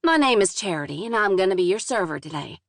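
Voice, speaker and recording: A woman's voice: medium pitch, animated, quick pace, no room sound, studio quality, close to an everyday voice. A woman voicing a cheery middle-aged waitress with a folksy Southern US drawl who calls people sugar and honey. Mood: chirpy.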